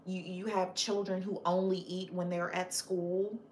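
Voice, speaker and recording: A woman chats live with her viewers in a somewhat low voice, taking her time over each thought. She speaks with passion and firm opinions, and her talk is loose and chatty, full of fillers and restarts. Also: little pitch movement, a little slow, darkish tone, reverberant, slight background noise. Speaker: livestream host chatting with viewers. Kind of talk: casual live chat.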